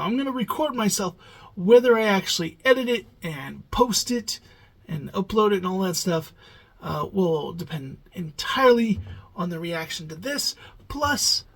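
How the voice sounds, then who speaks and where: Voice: medium pitch, fairly bright tone, poor audio. A YouTube reaction host talking casually late at night, sleepy and yawning, rambling with lots of hesitant fillers.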